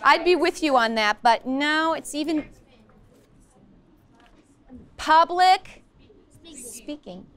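High-pitched lady teacher in a classroom, peppy, keeps asking the kids questions. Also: normal speed, few pauses, a bit bright. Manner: upbeat, coaxing, asks the class many questions. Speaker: social-emotional learning teacher. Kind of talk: classroom lesson. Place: school classroom.

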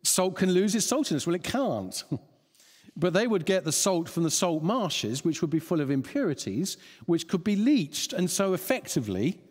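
A man's voice: high-pitched, very animated, normal speed, darkish tone. A man preaching a sermon, chuckling often and restarting phrases as he thinks aloud. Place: church hall. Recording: long church reverb.

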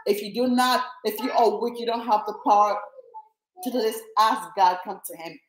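Woman preacher, emphatic, repetitive, rallying, mid-pitched voice, echoey room. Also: moderate pace, a little hiss or hum. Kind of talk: exhortation and prayer to viewers.

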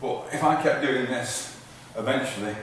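In a large, echoey hall, a male fitness trainer exercises and talks informally to an audience at a moderate pace, growing breathless, repeating himself and restarting sentences. His voice is medium-pitched, captured from a distance with a little hiss or hum.

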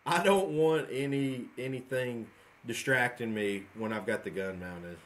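A man in his forties, a guest on a podcast, talking frankly in a relaxed, rambling way. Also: medium pitch, a little slow. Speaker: guest trapshooter. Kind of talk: casual podcast chat.

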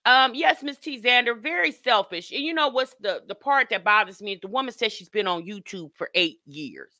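A woman hosts a live stream with chatty, outspoken commentary and greets her viewers by name. Her voice is bright and forceful, with a lightly profane manner. The sound is dry, with no room echo. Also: on the high side, lively intonation, moderate pace. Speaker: host of a live reaction stream.

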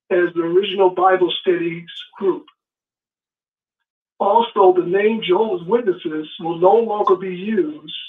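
A man calling in to a show, eagerly passing on news point by point. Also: high voice. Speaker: caller. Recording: tinny phone line.

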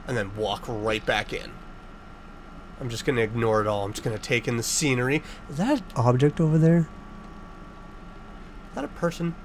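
Animated, joking gamer guy. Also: medium pitch, a little hiss or hum. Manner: jokey, sarcastic, loud startled outbursts. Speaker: gaming channel host. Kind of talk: casual let's-play commentary.

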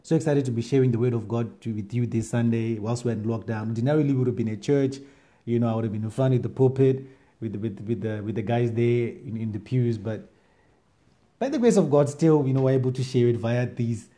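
Guy preaching online, really dark mellow voice, excited, reads scripture with lots of emphasis. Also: medium pitch, a little fast. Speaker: pastor. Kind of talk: online sermon. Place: at home during lockdown.

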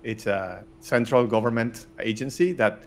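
A man's voice: mid-range voice, normal speed, slight background noise. A middle-aged man from Spain, talking bluntly as an interview guest with many restarts. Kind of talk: casual interview talk.

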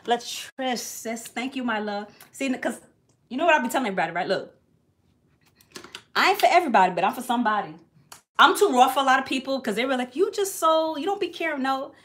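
A woman's voice: fairly high pitch, expressive, a little fast. Sassy, blunt woman livestreaming. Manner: loud sing-song greetings to viewers, sassy and blunt. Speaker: livestream host doing a wig tutorial. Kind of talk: casual livestream chat.

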